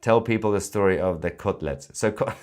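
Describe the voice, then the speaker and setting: Deep-voiced man chatting on a livestream. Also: brisk. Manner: chatty, joking, laughs often, reads comments aloud. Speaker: livestream host reading viewer comments. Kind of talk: casual live-stream commentary.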